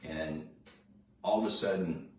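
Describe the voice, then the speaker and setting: A man's voice: low-pitched, measured pace, a little mellow. A man casually telling a personal story in a laid-back, slangy way. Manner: laid-back, slangy, lots of "dude" and "bro". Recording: echoey room, distant mic.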